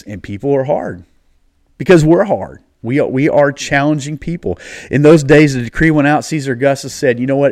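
A man's voice: mid-range voice, no room sound. Chatty middle-aged man, dry close sound. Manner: chatty and conversational, addresses listeners directly. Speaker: podcast host. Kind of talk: casual devotional podcast talk. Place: garage.

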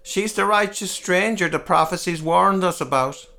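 A man voicing a panicked townsman with a breathless, high-pitched delivery over background music. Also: normal speed, creaky, bright, forceful tone, full character voice.

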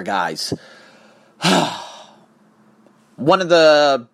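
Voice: medium pitch, very animated, moderate pace, husky. A teacher ranting in a casual vlog, profane and emphatic, speaking heatedly about work. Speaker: English teacher in Bangkok.

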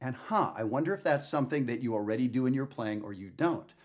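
A man in the middle of a casual video lesson, speaking at an ordinary mid pitch. He thinks out loud, second-guesses himself openly, and keeps checking in with the viewer. The talk feels unscripted and conversational. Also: fast. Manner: thinking aloud, candid and self-questioning; talks directly to the viewer, often tags "right?". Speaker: jazz saxophone teacher.

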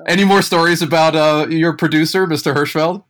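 A man's voice: a little high, fairly even intonation, a little fast, fairly bright tone. Curious man hosting an interview. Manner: inquisitive, laughs readily. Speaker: podcast host. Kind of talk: interview questions.

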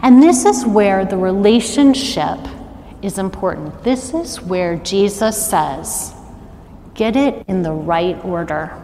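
Slow-talking woman preaching in a reverberant church. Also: mid-range voice, a little hiss or hum. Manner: animated, calls on the congregation to answer and repeat. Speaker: worship arts director preaching. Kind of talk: sermon. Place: church sanctuary. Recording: long reverb of a large church hall.

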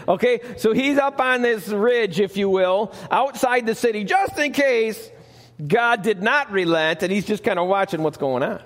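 Male pastor, high voice, emphatic sermon delivery, live church reverb. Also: lively intonation, normal speed. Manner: emphatic, asks the congregation questions. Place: church sanctuary.

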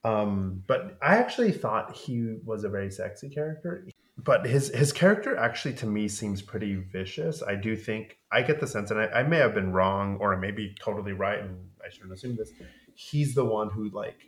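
A man co-hosting a podcast, chatting casually about a film and dropping into squeaky voices for quotes. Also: reverberant. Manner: animated, rapid run-on retelling with squeaky quoted voices. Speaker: podcast co-host.

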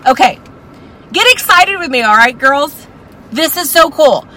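Excitable high-voiced woman teaching the Bible. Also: normal speed, heavy background noise. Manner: passionate, exclamatory. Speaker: women's Bible study teacher.

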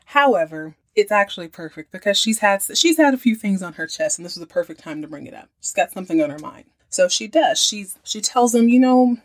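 A woman's voice: medium pitch, animated, a little fast, hardly any pauses. A woman hosting a podcast, recapping an episode in a chatty, slangy, amused way. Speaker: podcast host.

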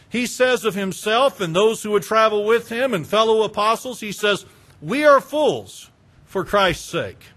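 High-voiced preacher, emphatic and deliberate. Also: male voice, animated, pushed and bright. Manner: emphatic, slow and deliberate with repeated phrases. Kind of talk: expository sermon.

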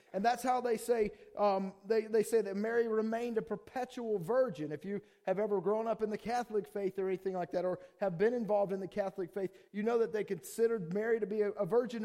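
A man preaching a sermon to a congregation in a casual, animated way, acting out quick voices of people. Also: sits high. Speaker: pastor.

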